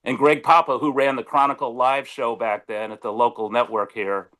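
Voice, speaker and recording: A man chats over a video call, telling stories in a voice of ordinary middle pitch. He is animated and restarts his sentences often. He acts out the lines of the people in his stories. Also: moderate pace. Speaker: sportswriter guest. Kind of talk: casual storytelling on a video call.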